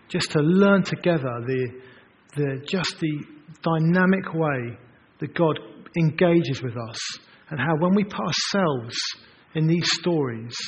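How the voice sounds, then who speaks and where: A man's voice: fairly high pitch, slightly rough. Earnest man preaching in a reverberant hall. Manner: earnest, emphatic, builds through repeated phrases. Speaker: pastor. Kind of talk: sermon. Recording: dull, reverberant hall recording with faint noise.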